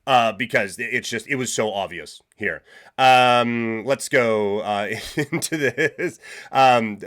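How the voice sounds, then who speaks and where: A male sports talk host delivers blunt, opinionated takes in a loose, rambling way. He starts over often and leans on fillers, and his voice sits at an ordinary middle pitch for a man. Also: slow pace, a bit bright. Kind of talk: casual sports commentary.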